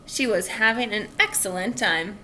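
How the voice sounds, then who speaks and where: A woman reading a children's chapter book aloud in an expressive, clear storytelling manner. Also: mid-range voice, normal speed, a little hiss or hum. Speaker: reader.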